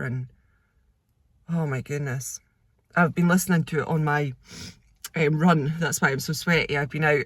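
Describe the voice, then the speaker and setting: A woman's voice: low-pitched, dry recording. A woman reviewing a book in a casual vlog. She talks in an effusive, emotional way with many fillers. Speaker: vlogger.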